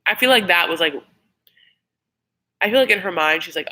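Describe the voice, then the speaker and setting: Chatty woman with a bright, forceful voice. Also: on the low side, animated, moderate pace, low-quality recording. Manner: chatty and rambling, swears freely. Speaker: YouTube host doing a live episode reaction. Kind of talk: casual live reaction chat.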